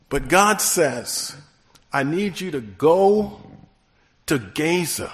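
A man's voice: a little high, sing-song. A man preaching a sermon in church, emphatic and calling out to the congregation. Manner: slow, emphatic preaching with rising calls to the congregation.

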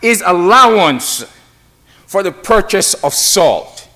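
A man preaching a sermon to a congregation, slow and emphatic, with dramatic pauses between phrases. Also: sits high, sing-song, bright, forceful tone.

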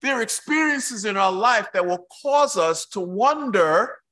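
Male preacher, unhurried scripture reading, dramatic pauses, light voice. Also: high voice. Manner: excitable asides.

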